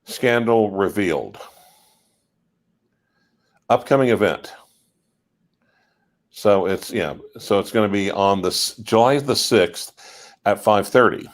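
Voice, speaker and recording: Relaxed man telling a story. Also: on the low side, slow pace, long pauses. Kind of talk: casual livestream chat.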